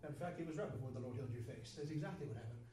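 A man's voice: medium pitch, racing, warm tone, roomy sound, distant mic, slight background noise, low-quality recording. A man preaching a sermon, emphatic and repetitive, his voice swelling and dropping. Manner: repetitive, emphatic, rises and drops in volume.

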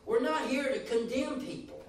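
A man's voice: extremely high pitch, moderate pace, slight background noise. A man preaching a sermon with rising and falling emphasis, acting out the voices he quotes. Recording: echoey room, voice from a distance.

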